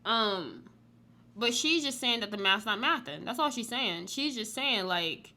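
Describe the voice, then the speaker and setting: A woman's voice: medium pitch, expressive, a little slow, bright, forceful tone. A woman hosting a casual reality TV recap, chatting in a rambling way full of "like". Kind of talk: casual chat review.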